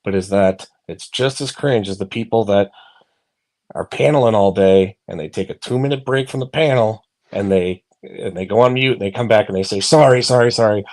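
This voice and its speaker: A man's voice: fairly low pitch, moderate pace, darkish tone. A man chatting casually on a phone from bed, rambling with lots of fillers, swearing and laughing. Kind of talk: casual online chat.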